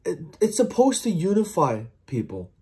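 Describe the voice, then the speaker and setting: A man's voice: high-pitched, huge pitch swings, normal speed, a little mellow, husky. A man giving a heartfelt, earnest post-match reflection to camera as a football vlogger, often stumbling and repeating words. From outside England, watching from across the Atlantic.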